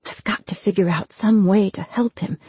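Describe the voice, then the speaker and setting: A woman's voice: medium pitch, steady tone, moderate pace, dark tone, breathy edge, no echo. A woman narrator voicing a young male mage who pleads earnestly while hiding who he is. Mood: anxious. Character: young male mage in disguise, anxious but playing innocent.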